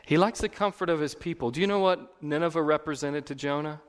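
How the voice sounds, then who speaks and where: A man's voice: on the high side, fast. Man preaching in a reverberant church. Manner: conversational preaching with emphatic swells and repeated phrases. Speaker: pastor. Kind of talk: sermon.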